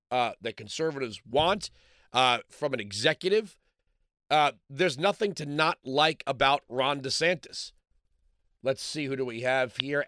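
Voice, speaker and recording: A man's voice: medium pitch, fairly bright tone, no echo, studio quality. A man hosting a call-in radio talk show, chatting loosely with frequent restarts and fillers.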